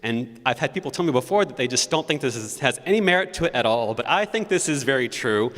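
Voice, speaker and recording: Speaking quickly and with animation, a male organist with a mid-range, fairly bright voice shares the story behind a new hymn before a concert performance. The big sanctuary adds a long echo as he chats, storytelling and singing note syllables for the congregation.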